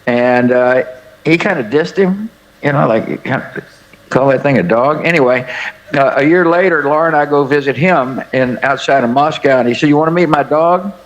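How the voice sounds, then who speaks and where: A man in his seventies from the United States, a former head of state telling anecdotes in an interview in a folksy, halting way full of "uh" fillers. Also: medium pitch, poor audio.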